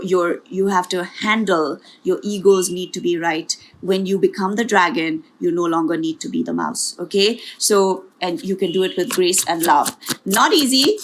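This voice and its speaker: A woman's voice: fairly low pitch, slight background noise. A woman giving a tarot reading as a spiritual coach, speaking earnestly and encouragingly, often repeating herself and adding asides.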